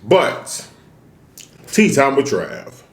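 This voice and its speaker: A man's voice: medium pitch, sing-song, very slow, reverberant. A man chatting casually to viewers while eating, venting and asking rhetorical questions. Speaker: mukbang vlogger. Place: room, eating on camera.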